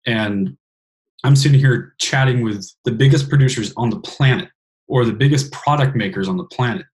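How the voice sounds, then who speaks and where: A man's voice: mid-range voice, normal speed. A man hosting a podcast in casual interview chat, earnest and frank, swearing casually. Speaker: podcast host.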